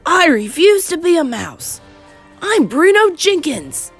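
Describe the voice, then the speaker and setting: A woman voicing a loudmouthed, greedy, spoiled boy who has been turned into a mouse, shouting indignantly in a storybook read-aloud. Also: medium pitch, big pitch swings, moderate pace, breathy edge, faint music behind.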